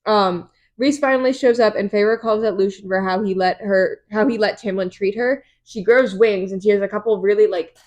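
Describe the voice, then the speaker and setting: A young woman co-hosting a podcast, recapping chapters in an animated, chatty way with lots of fillers. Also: mid-range voice, highs cut off. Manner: animated, quick storytelling with many fillers. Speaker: podcast co-host. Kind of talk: casual book recap chat.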